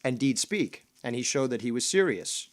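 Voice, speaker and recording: A man's voice: medium pitch, sing-song, normal speed. Mocking man commenting on a stream. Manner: mocking, hesitant with fillers and restarts, profane. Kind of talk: casual livestream commentary.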